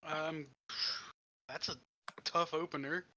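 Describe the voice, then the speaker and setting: Bright-voiced, joking tabletop player. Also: medium pitch, fairly even intonation, takes it slowly, muffled recording. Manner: casual, jokey. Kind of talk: playing a tabletop game.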